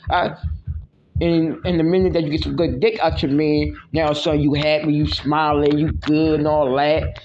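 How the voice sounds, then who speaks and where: A man's voice: on the high side, steady tone, fairly quick, highs cut off, background noise. A man hosting a casual solo podcast, rambling and slangy with lots of filler words, often teasing and mock-scolding. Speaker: podcast host.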